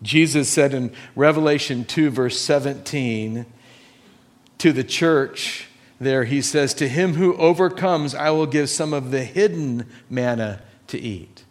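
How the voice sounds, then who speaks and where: A man's voice: medium pitch, unhurried. A man preaching a sermon as pastor, emphatic, repeating his key points and asking his listeners questions.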